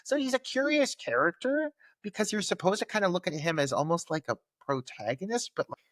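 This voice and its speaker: Guy on a movie podcast breaking down characters, bit high voice, dry sound. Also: expressive, fairly quick, fairly bright tone, no room sound. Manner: analytical, loose and conversational, swears casually. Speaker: podcast co-host. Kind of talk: casual film review chat.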